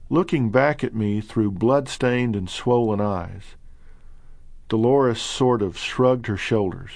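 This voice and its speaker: Male narrator, middle-aged, earnest and measured, bone-dry booth sound. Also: mid-range voice, lively intonation, no room sound. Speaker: narrator reading his own book. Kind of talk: audiobook narration.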